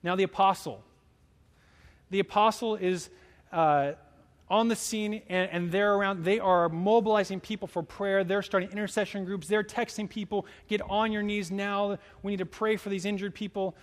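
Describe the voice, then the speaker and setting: A man preaching a sermon in a relaxed, conversational way, telling stories and acting out the people in them. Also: high-pitched, moderate pace. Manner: conversational, animated storytelling with quoted voices. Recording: long hall reverb.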